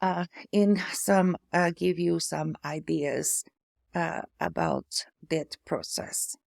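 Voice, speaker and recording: Woman, Eastern European-sounding accent, halting speech with fillers, gravelly voice, dry close sound. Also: low voice, a little mellow, no room sound. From Hamilton, Ontario, Canada. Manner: halting, slow, many pauses and fillers. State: speech affected by aphasia after a stroke. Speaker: memoir vlogger, former priest. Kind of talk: personal reflective talk to camera.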